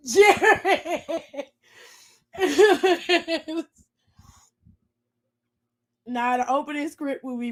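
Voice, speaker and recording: High-pitched woman chatting animatedly. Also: very slow, pauses often. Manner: animated storytelling, lots of laughing, swears. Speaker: podcast co-host. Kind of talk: casual chat.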